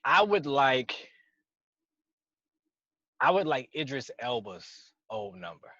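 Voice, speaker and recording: A man's voice: mid-range voice, very animated, slow pace, bright, forceful tone, no echo. A man co-hosting a podcast in laid-back, casual chat, laughing often. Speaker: podcast co-host. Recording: dry, dull lo-fi sound.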